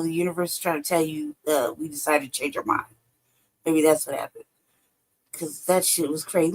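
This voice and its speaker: A woman host gives casual reaction commentary on a livestream. Her voice sits slightly low, but she jumps high in disbelief, swearing and sighing through it. She sounds loose and unscripted. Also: breathy edge, low-quality recording. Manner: profane, exasperated, laughing, swings high and low.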